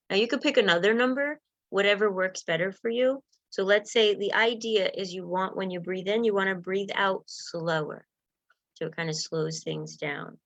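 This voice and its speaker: Woman, wellness coach, gentle, encouraging, dry close sound, slightly dull. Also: mid-range voice, normal speed, no echo. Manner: gentle, encouraging, guides breathing exercises. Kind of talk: guided self-help talk.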